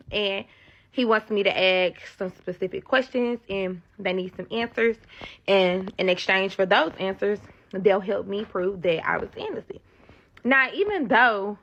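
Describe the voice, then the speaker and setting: A woman tells her dramatic story, talking straight to her listeners and acting out every line of dialogue. Her voice has a gravelly, fried edge. Her pitch sits in the middle for a woman. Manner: animated, acts out dialogue, addresses listeners as y'all. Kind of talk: casual storytime narration.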